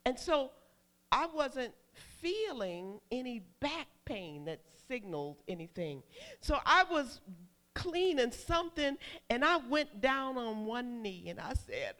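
Lively woman preaching a story-filled sermon. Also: a little high, slow pace. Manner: animated storytelling, calls for amen, shouts acted quotes.

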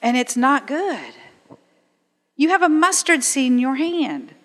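A woman's voice: high voice, big pitch swings, slow pace, fairly bright tone. A middle-aged woman preaching a sermon in a church, emphatic and conversational, firing off rhetorical questions. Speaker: guest speaker at a church. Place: church sanctuary. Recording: long hall reverb.

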